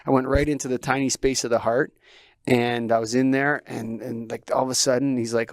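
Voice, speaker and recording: A man's voice: mid-range voice, level tone, a little fast, no echo, studio quality. A man hosting a podcast, telling a personal story in an emotional, rambling way, full of restarts and swearing. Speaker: podcast host. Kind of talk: casual storytelling chat.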